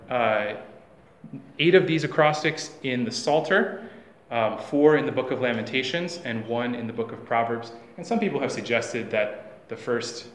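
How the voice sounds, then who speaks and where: A man giving a classroom lecture, halting, with many fillers and restarts. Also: medium pitch, echoey room, slight background noise.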